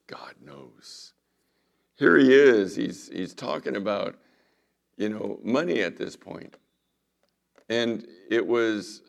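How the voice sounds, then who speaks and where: A man preaching a sermon as pastor, retelling scripture stories dramatically and dropping to a hushed voice for quoted lines. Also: medium pitch, vocal fry.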